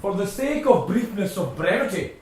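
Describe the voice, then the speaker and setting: A self-important, bumbling inspector, played by a man on an amateur stage blusters and trips over his words in a fairly high voice. He is heard from a distance in an echoing hall. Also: sing-song, moderate pace, darkish tone, a little hiss or hum. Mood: blustering. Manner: pompous, blustering, mangles words. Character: pompous bumbling police inspector, middle-aged man. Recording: echoey hall from far off.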